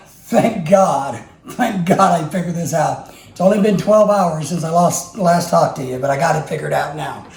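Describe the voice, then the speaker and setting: A man's voice: on the high side, darkish tone, a little hiss or hum. A middle-aged man hosting a home vlog, joking about himself and thinking aloud as he demonstrates a kitchen gadget. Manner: joking, self-mocking, thinks aloud while working. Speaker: vlog host. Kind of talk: casual how-to demo. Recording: echoey kitchen, clattering dishes.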